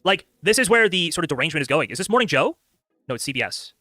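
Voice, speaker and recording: A man live-streaming casual commentary, talking rapidly with lots of filler words, tired from a long stream. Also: on the high side, very animated, sharp tone, no room sound. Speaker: streamer reacting to clips.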